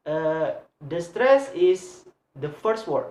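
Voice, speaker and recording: Slow, hesitant student presenter in an echoey room. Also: medium pitch, lively intonation. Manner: hesitant, many filler sounds, repeats each example word. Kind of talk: recorded class presentation on word stress.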